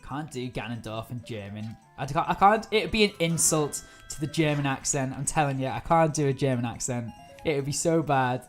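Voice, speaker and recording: Very low-voiced woman streaming a game. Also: expressive, brisk, hardly any pauses, faint music behind. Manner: chatty, easily startled, laughs often. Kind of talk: live-stream gameplay commentary.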